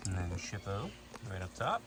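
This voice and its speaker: A man with a low, sing-song voice hosts a casual vlog at an animal sanctuary, speaking at a normal pace. He talks loosely and chattily, using plenty of "like" and "you know," with outdoor noise in the background.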